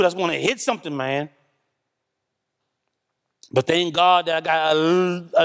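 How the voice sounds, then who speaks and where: Loud, high-voiced man giving testimony. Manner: loud talker, candid and animated. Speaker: church member giving testimony. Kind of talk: church testimony. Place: church service. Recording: reverberant church hall.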